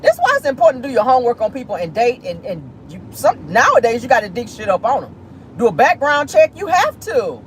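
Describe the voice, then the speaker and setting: Woman, sassy gossip vlogger, lively swooping pitch, talking from her car, faint road noise. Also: quick pace, rough recording. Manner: sassy, animated, exclamatory. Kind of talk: casual gossip commentary. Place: in a car, driving near an airport.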